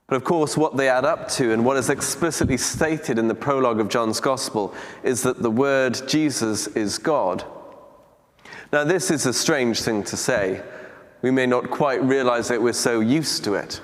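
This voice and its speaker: A man preaching a teaching talk on scripture in a church, speaking in a measured, deliberate way with reflective pauses. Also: mid-range voice. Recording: long church reverb.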